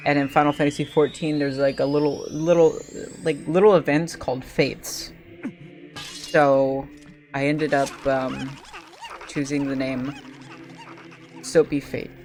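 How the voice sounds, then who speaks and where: A man streaming a video game, chatting casually and hesitantly with many pauses and fillers. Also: a little high, little pitch movement, a little mellow. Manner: rambling, hesitant, lots of ums. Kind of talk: casual gameplay commentary. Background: game music.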